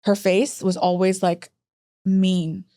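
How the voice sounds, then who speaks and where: A woman in her thirties, a hospice executive, telling lively stories in a podcast interview and acting out other people's voices. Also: slow pace, dry recording. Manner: animated, acts out quoted voices with big pitch jumps.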